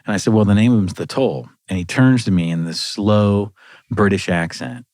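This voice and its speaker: Older male musician, deep voice, animated anecdote-teller, dry recording. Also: normal speed, dry recording. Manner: lively storyteller, chuckles between lines. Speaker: musician guest. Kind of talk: storytelling anecdote on a podcast.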